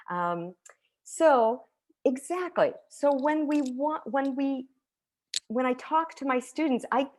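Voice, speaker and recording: Her voice sitting on the high side, a woman teacher leads an online conference session by video call. The delivery is lively and conversational, packed with asides and quick checks with listeners, including frequent "right?"s and soft laughter.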